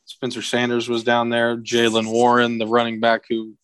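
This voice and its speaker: Lively man telling a bar story. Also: normal speed, smooth, no echo. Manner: animated storyteller, acts out quotes in a higher voice. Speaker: podcast guest. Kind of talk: casual storytelling chat.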